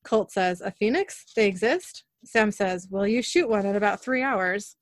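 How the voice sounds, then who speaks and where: In a dry, expressive voice of medium pitch, a podcast host casually recaps an episode, briskly narrating scenes and reading characters' lines aloud close to her own voice. The recording is dry.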